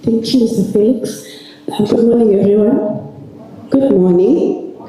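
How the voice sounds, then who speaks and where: A woman trainer, hoarse and raspy from a cold, giving an upbeat ceremony speech and calling out to the audience. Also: on the high side, measured pace, mellow. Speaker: cybersecurity trainer. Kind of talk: ceremony speech presenting student projects. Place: large hall at a graduation ceremony. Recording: echoey hall.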